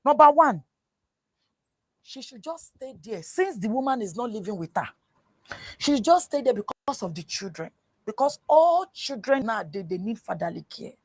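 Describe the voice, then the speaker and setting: A woman with a Nigerian accent, her voice pitched high, lectures animatedly and keeps asking whether you follow her. She drops into Yoruba now and then, and the sound is close and dry, with almost no room. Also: normal speed, slightly rough, no room sound. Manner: animated, preachy, often asks "you understand?"; mixes English with Yoruba. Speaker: guest. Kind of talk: casual talk show chat.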